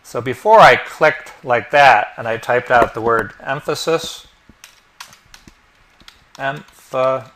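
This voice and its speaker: A man narrating a software tutorial step by step as the instructor, explaining each click as he goes. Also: mid-range voice, slow, pauses often. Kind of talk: screen-recorded tutorial narration.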